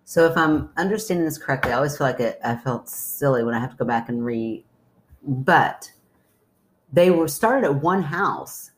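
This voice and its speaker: A woman's voice: sits low, lively intonation, normal speed, slight background noise. A woman co-hosting a casual podcast chat, joking and skeptical, often trailing off into fillers. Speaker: podcast co-host.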